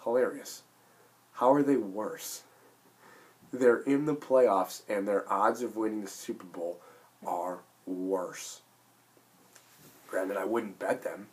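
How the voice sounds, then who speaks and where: A man in his late twenties with a hoarse voice from illness, talking in a rambling, emphatic sports vlog full of restarts. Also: fairly low pitch, slow, pauses often, darkish tone. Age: late 20s. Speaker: sports vlogger. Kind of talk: casual sports vlog monologue.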